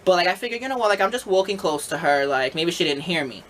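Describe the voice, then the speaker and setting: Animated young man telling a work story. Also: high voice, quick pace, slight background noise. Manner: animated, frequent "like" fillers, swearing, acts out both sides. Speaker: store manager telling a story. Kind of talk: casual storytime vlog.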